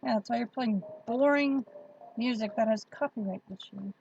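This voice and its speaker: A woman's voice: a little high, moderate pace, creaky, darkish tone, muffled recording, a little hiss or hum. A woman hosting a casual livestream, chatting with viewers and laughing often. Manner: chatty, laughs often, reads out chat comments. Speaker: livestream host.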